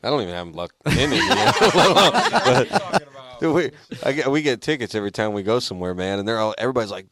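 A man's voice: medium pitch, sing-song, fast, fairly bright tone. A man guesting on a radio show, telling road stories with lots of swearing and laughter. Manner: swears freely, laughs through his stories. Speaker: band member guest. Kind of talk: casual storytelling chat.

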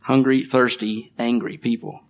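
A man's voice: mid-range voice, steady tone, unhurried, vocal fry. A middle-aged man preaching a conversational sermon, reading scripture and joking about his children. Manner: conversational, with light jokes and laughs. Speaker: pastor.

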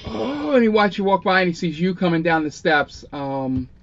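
A man's voice: a little high, a little fast, a bit bright, highs cut off, a little hiss or hum. A man narrating as game master at a tabletop game, loose and rambling with many fillers.

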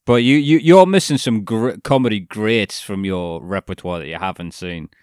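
A man's voice: on the low side, normal speed, darkish tone, clear, resonant tone, no room sound. A man co-hosting a podcast in casual chat, dry and sarcastic, swearing casually. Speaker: podcast co-host.

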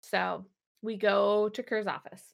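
A woman co-hosting a podcast recaps an episode in casual conversation, her medium-pitched voice creaky and flat in delivery. She laughs often, swears freely, and acts out characters in quick asides.

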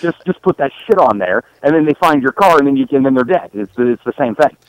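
A man's voice: medium pitch, animated, fast talker, low-quality recording. Stammering man in casual movie chat. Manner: stammering, repeats words while thinking. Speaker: podcast co-host.

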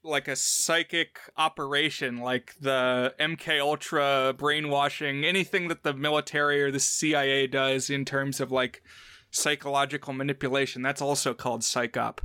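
A man's voice: mid-range voice, fairly even intonation, moderate pace, sharp tone, clear, resonant tone, dry recording, clean studio sound. A man co-hosting a podcast, casually reviewing and explaining details step by step. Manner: explanatory, walks through details methodically. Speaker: podcast co-host.

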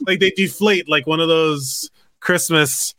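A man hosting a casual comedy podcast, playful and quick with jokes, often repeating words. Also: on the high side, sharp tone, dry recording, studio quality. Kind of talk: casual chat.

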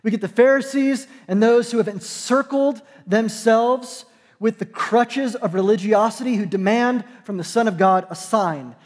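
A man, a pastor, preaching a sermon in a conversational, joking way, with dramatic slow pauses. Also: high-pitched, in a large hall. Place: church sanctuary.

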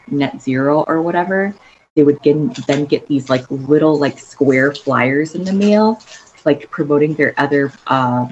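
A young woman casually telling a story with lots of fillers and lively quoted voices. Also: low voice, muffled recording, a little hiss or hum. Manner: chatty, filler-heavy, animated quoting of others.

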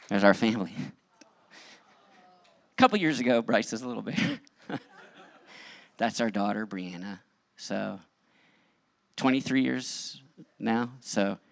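A middle-aged male pastor telling his story in a sermon, animated, acting out what people said. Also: fairly low pitch, creaky, no echo. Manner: animated storytelling with acted-out quotes. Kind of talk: testimony sermon.

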